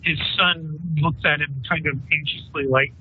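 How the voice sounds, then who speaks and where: A man's voice: on the high side, steady tone, normal speed, slight background noise. Tinny-sounding man running a tabletop game. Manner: loose, chatty narration with fillers. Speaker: game master. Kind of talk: narrating a tabletop game over voice chat. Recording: tinny voice-chat line.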